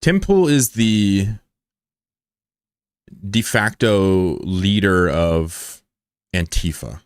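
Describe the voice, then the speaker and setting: Low-voiced joking male streamer. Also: lively intonation, extremely slow, clear, resonant tone, no echo, clean studio sound. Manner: joking and profane, banters with chat. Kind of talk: casual live-stream chat.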